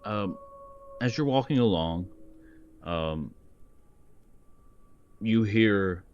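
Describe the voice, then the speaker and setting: A man narrating as game master for a tabletop game, pausing often with ums as he describes scenes. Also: on the low side, animated, a little mellow, muffled recording, a little hiss or hum. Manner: slow, hesitant narration with many ums.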